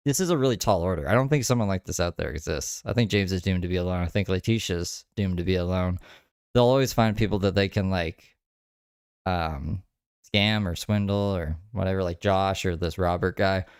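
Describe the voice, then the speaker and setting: A man's voice: low voice, brisk, clear, resonant tone, dry recording, clean studio sound. A man hosting a podcast, rambling in crude, casual commentary with lots of filler words. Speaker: podcast host.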